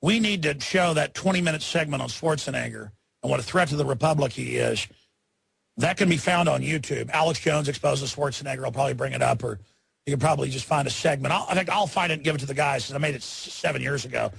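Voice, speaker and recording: A man's voice: medium pitch, fast, vocal fry, a bit bright, slightly rough, dry recording. A man as a talk radio host delivering a heated, indignant rant. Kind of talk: angry ranting commentary.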